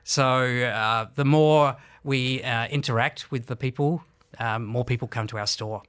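An Australian man with a faint New Zealand tinge answers interview questions, pausing with ums and uhs. His voice sits in the middle range and sounds dry and close. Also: medium pitch, a bit bright, clean tone, no echo. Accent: Australian with slight New Zealand. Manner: hesitant, many fillers. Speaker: bookstore manager, guest.

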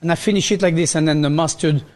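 A man's voice: fairly high pitch, steady tone, fast. A man with a French accent, a chef casually explaining how he cooks his ribs, step by step. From France. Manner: explains a recipe step by step with fillers. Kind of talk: casual cooking chat.

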